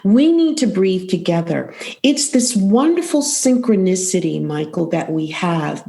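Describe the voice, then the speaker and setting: A middle-aged woman, a vocal coach, talking as a podcast guest in an expressive, rhythmic way, repeating phrases for emphasis. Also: on the low side, measured pace, vocal fry, few pauses. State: emotional, close to tears.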